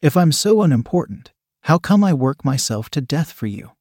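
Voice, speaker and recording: A man's voice: a little high, big pitch swings, normal speed, a little mellow, slightly rough, dry recording, clean studio sound. A man reading the lines of a distressed woman office worker who is being fired, in a pleading, upset way. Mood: distraught.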